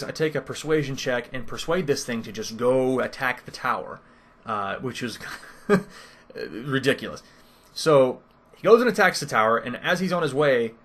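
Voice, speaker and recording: A man's voice: mid-range voice, a bit bright. A man casually recounting a tabletop game session, rambling and interrupting himself with lots of fillers. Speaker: first-time game master recapping a campaign. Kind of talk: casual storytelling recap.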